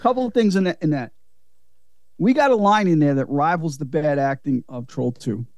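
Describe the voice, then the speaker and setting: A man's voice: fairly high pitch, moderate pace, no echo. A man hosting a casual film-review chat, laughing and swearing often. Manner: laughing, profane, animated. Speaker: podcast host.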